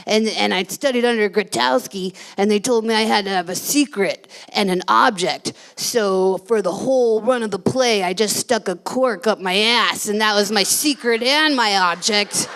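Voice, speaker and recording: A woman doing an impression of a gruff, laid-back older male actor with a low, drawling voice and a blunt, offhand delivery. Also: normal speed, few pauses, fairly bright tone, natural voice. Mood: boastful.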